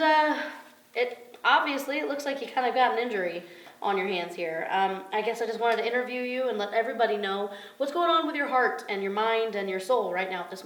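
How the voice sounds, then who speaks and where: Woman reporter, chatty and gushing, slightly high voice, roomy sound. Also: a bit bright. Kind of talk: parody interview. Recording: echoey room.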